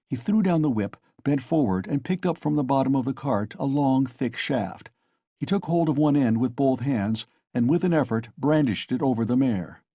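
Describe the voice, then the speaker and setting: A man narrating an audiobook in a steady storytelling manner on a close mic. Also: mid-range voice, breathy edge, dry recording. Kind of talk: scripted narration.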